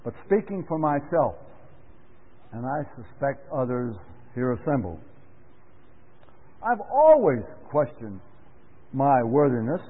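Male Bible class speaker, sermon style, measured and emphatic, mid-pitched, tinny old recording with long hall reverb. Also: big pitch swings, slightly rough. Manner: earnest, deliberate, with emphatic rises on key words.

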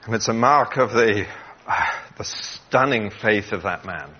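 A man preaching a sermon in an earnest voice, dropping low and quiet when he quotes Jesus. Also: unhurried, slightly rough, dull audio. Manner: earnest, drops to a hush when quoting, gets emotional.

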